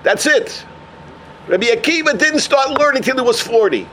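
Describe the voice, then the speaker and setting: A man teaching a Torah class as a lively storyteller who mixes in Yiddish and Hebrew terms. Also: very high-pitched, moderate pace, slight background noise.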